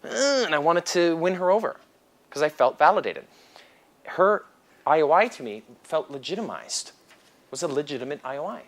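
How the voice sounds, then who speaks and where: A man teaching a seminar, lively and animated, acting out bits of dialogue as he explains. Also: on the high side, normal speed. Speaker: seminar instructor. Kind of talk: lecture to a class.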